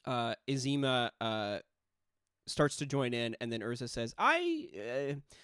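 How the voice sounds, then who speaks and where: A man's voice: medium pitch, steady tone, a little slow, a bit bright, smooth, no room sound, clean studio sound. A man narrating as game master of a tabletop role-play game, talking casually with lots of fillers and restarts. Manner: casual, with frequent fillers and self-corrections.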